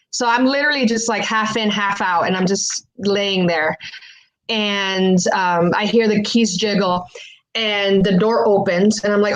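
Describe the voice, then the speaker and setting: A woman's voice: medium pitch, steady tone, a little slow, poor audio. A woman telling a true personal story on stage, frank and profane, laughing as she goes and switching between English and Spanish.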